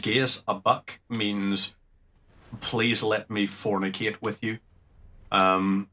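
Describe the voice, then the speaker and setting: Chatty Northern Irish man, bright voice. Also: fairly low pitch. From Northern Ireland. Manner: rambling, chatty, swears casually. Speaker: game streamer. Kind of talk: casual gameplay chat.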